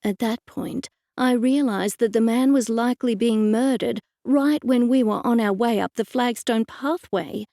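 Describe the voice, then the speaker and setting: A woman's voice: a little high, vocal fry, mellow, no echo. A woman narrating a first-person mystery audiobook with a wry, dry storytelling manner.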